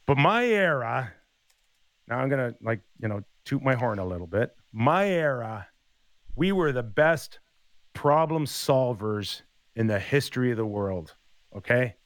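A man's voice: mid-range voice, unhurried, no room sound. A man in his fifties, a former hockey player, telling stories in a casual chat and acting out the quotes. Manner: animated storyteller acting out quotes.

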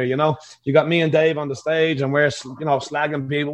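A man's voice: on the high side, little pitch movement, fairly quick, hardly any pauses. A man with an Irish accent, a pub band musician, chatting casually on a podcast and laughing often.

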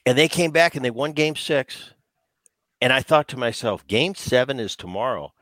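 A man's voice: mid-range voice, animated, moderate pace, fairly bright tone, no room sound. A man co-hosting a baseball podcast, a former player who talks in a casual, emphatic way and often repeats himself as he restarts. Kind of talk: casual sports talk.

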